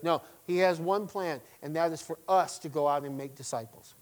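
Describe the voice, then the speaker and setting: A middle-aged man, a pastor, preaching a sermon, swinging between loud emphatic stresses and quiet asides. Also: high voice, normal speed, hardly any pauses, low-quality recording.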